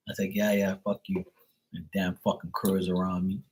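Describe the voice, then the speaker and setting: A man's voice: lowish voice, little pitch movement, quick pace, poor audio. A man from Bermuda ranting on a live stream, swearing often, exasperated and restarting his sentences. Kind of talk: casual live-stream rant.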